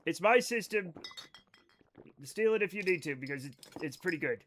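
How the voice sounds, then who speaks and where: Guy streaming a game live, kinda high voice, rambles and cuts himself off a lot, talks straight to chat. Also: lively intonation, normal speed, pushed and bright. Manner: rambling, self-interrupting, swears, addresses chat directly. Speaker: livestreamer.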